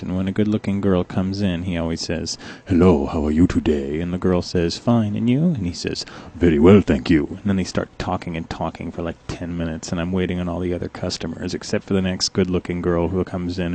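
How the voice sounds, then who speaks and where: A young man narrating a comic story in a deadpan, dryly complaining way, telling it as a coffee shop cashier. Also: low voice, slight background noise.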